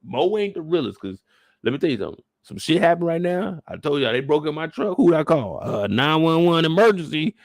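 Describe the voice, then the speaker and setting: A man hosting a casual, joking recap of a TV episode, animated and profane. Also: a little high, a little fast, no room sound, clean studio sound. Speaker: YouTube show recap host. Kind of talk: casual comedic commentary.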